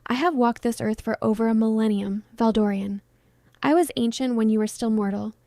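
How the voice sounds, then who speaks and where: A woman's voice: fairly high pitch, steady tone, brisk, warm tone, no echo, clean studio sound, lightly acted. A woman voicing an ancient, menacing male vampire lord who speaks with cold, mocking condescension. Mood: cold contempt.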